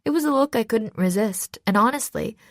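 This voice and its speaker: A woman's voice: on the high side, animated, a little fast, dry recording. Woman reading an audiobook, dry sound. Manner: gives characters slightly raised voices. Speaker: audiobook narrator. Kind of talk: first-person audiobook narration.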